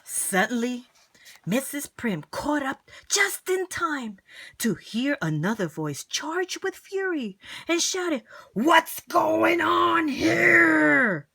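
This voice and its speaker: A woman reads a children's storybook aloud with an expressive, animated delivery. Her voice is high and swings widely in pitch. She keeps a slow, deliberate pace for young listeners. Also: slightly rough.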